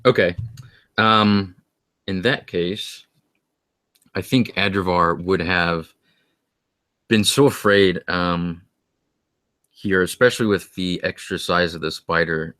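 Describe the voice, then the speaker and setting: A man playing a tabletop game, describing his character's actions in a hesitant, unhurried way. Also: sits low, fairly even intonation, bright, forceful tone, smooth, dry recording. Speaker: player.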